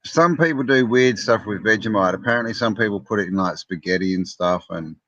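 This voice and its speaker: A low-voiced man co-hosting a casual online chat show, teasing his friends and calling out hellos to viewers. His voice is close and dry, with dull lo-fi sound. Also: a little fast, a bit bright, no echo. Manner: joking, teasing, greets viewers. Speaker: co-host. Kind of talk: casual live-stream chat.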